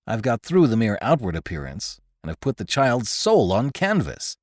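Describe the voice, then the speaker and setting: A man's voice: wildly swooping pitch, moderate pace, dry recording. A man doing a glum young painter. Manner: low, doubtful, hesitant. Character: anxious young male painter, gloomy.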